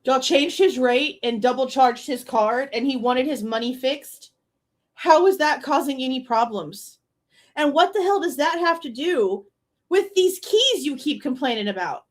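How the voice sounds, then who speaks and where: A woman's voice: sits high, lively intonation, measured pace. A woman hosting a live true crime stream, reacting with exasperated, sarcastic commentary, often laughing and swearing.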